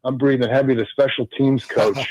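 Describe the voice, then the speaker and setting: A man, a former pro football player, recounting his memories as a guest on a radio show, talking in halting sentences full of restarts. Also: mid-range voice, fairly even intonation, darkish tone, no echo, dull audio. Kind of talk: conversational radio interview.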